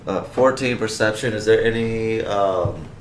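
Low-voiced man, hesitant tabletop player. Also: unhurried, a little hiss or hum. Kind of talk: casual chat at a tabletop game. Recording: roomy, distant shared mic.

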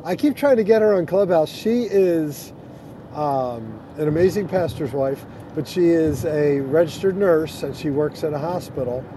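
A middle-aged man, a pastor, chatting casually on earphones from inside a car, reading scripture slowly and then talking loosely with fillers. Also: on the high side. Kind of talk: casual chat on a social audio app. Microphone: earphones with mic. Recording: clear car and road noise.

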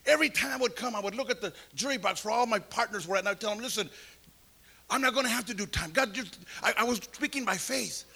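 A man preaching a testimony, telling his story and acting out the people in it, at times rising to shouts. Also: high-pitched, fast talker, creaky, breathy edge. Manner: storytelling, acts out voices, builds to shouts. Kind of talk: sermon testimony.

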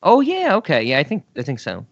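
A man's voice: fairly high pitch, wildly swooping pitch, a little fast, vocal fry, no echo, dull audio. A man co-hosting a podcast, chatting casually and agreeing readily. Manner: agreeable, laughs often. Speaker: podcast co-host. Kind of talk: casual chat.

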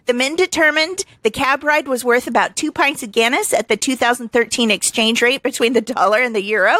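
A woman's voice: fairly high pitch, fairly quick, dry recording. A young woman co-hosting a podcast, reading out news stories and chatting with many laughs. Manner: giggly and animated, laughs often. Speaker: podcast co-host. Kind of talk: casual chat, reading news stories aloud.

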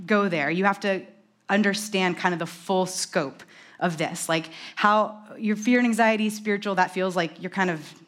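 A woman delivers a conversational sermon. She talks fast and animatedly and drops in quick self-deprecating asides. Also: mid-range voice, a bit bright. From New York. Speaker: preacher.

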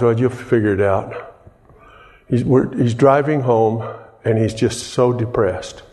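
A pastor preaching slowly and deliberately, his voice trailing off into the long reverb of a church hall. He talks conversationally, repeating and restarting phrases as he works through his point. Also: medium pitch, darkish tone. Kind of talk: sermon.

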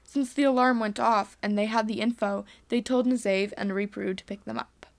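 A woman's voice: on the high side, fairly even intonation, normal speed, vocal fry. A woman earnestly reading a homemade space adventure story aloud.

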